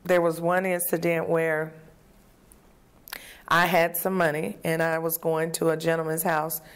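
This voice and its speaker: A woman guest recounts her past in an interview, her low, clean voice unhurried and monotone. She's a vivid storyteller who acts out the voices of people she quotes.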